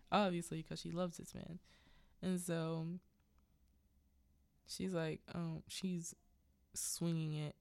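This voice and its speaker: A low-voiced woman casually recapping a film on her podcast, talking slowly. She rambles with unsure asides, and her voice is close and dry. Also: darkish tone, no echo. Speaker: podcast host.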